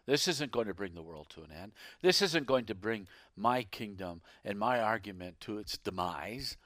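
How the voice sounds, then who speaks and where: A man voicing the devil as a scheming, murderous spirit, speaking low and hushed. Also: lively intonation, moderate pace, no echo, clean studio sound.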